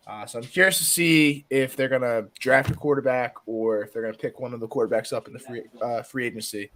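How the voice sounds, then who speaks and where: Casting: male co-host, mid-pitch, loose rambling delivery full of ums. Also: steady tone, fairly quick, hardly any pauses, a bit bright. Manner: rambling, many fillers, casual swearing. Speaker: podcast co-host. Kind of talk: casual podcast chat.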